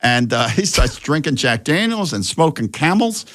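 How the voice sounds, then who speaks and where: An older man, a guest director, telling a lively anecdote and acting out the voices of the people in it. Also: on the high side, moderate pace.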